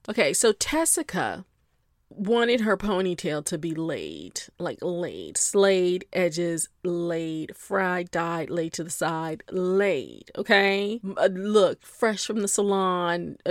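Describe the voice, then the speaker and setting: A woman's voice: mid-range voice, dry recording. Chatty woman podcast host, dry sound. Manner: chatty, laughs often, playful asides. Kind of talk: casual chat.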